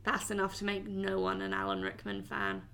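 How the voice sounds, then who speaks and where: Woman, podcast co-host, playful, teasing, bright tone. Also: mid-range voice, sing-song, normal speed, gravelly. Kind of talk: casual chat.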